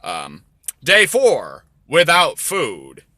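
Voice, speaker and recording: A man telling crude comedy stories in a rambling way, with deadpan asides. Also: on the high side, very slow, no room sound. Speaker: storyteller. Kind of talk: crude comedic storytelling over drawings.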